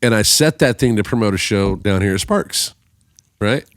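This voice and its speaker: A man's voice: on the low side, animated, normal speed, no echo, clean studio sound. A man telling a long story in a casual podcast chat, swearing freely and acting out the voices of the people he quotes. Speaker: podcast guest musician.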